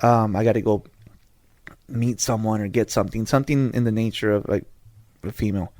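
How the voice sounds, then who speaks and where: A man's voice: lowish voice, steady tone, a little fast, darkish tone, no echo. Dry-voiced man telling a rambling story. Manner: rambling, slangy, lots of restarts. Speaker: podcast host. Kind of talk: casual storytelling chat.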